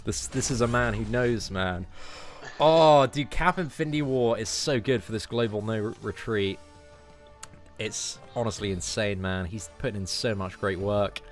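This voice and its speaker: A British man doing live, chatty commentary on his own gameplay during a stream. He is excitable and swears mildly. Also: on the low side, normal speed, faint music behind. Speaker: game streamer.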